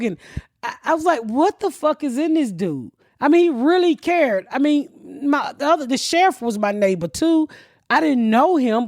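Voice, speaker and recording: A woman's voice: fairly high pitch, darkish tone, dry recording, studio quality. A woman hosting a podcast who tells stories in a blunt, profane way. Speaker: podcast host. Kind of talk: casual podcast chat.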